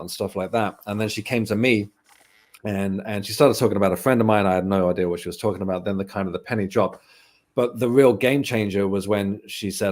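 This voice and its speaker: Low-voiced man, reflective guest. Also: moderate pace, darkish tone. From England. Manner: reflective, candid storytelling. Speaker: guest medium. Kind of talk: casual interview chat.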